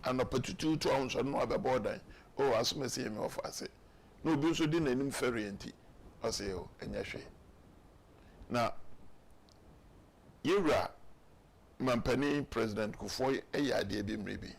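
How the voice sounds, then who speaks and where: A man's voice: medium pitch, normal speed, vocal fry, pauses often. A man with a Ghanaian accent, talking emphatically in a political talk show discussion. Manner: emphatic, mixing Twi and English, acts out quotes.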